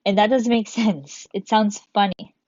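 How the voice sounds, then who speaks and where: A woman's voice: medium pitch, steady tone, moderate pace, a little mellow, dry recording. A woman teacher giving a recorded grammar lesson, patiently explaining step by step and reading examples aloud. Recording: dull, dry lo-fi sound.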